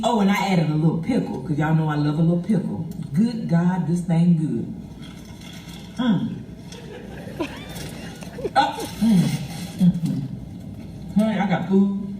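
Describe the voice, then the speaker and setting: A woman filming herself in her car, reviewing a sandwich with exuberant, drawn-out, gospel-style exclamations, speaking with her mouth full at times. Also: medium pitch, dark tone, slight background noise. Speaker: food video creator. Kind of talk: casual selfie food review. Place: in a car, clip replayed in a meeting hall. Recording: video played over hall speakers, echoey from far off.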